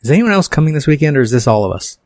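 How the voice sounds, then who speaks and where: A man's voice: a little high, sing-song, racing, a little mellow, no room sound, voice pushed up. A man reading a screenplay aloud and voicing a chatty, muddled young woman who keeps asking confused questions.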